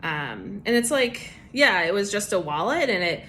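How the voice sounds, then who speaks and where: Woman sharing a casual faith testimony; bright tone, relaxed and chatty delivery. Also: mid-range voice, normal speed, slight background noise. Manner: casual, chatty with many fillers and laughs. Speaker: church member giving a devotional. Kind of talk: personal testimony devotional.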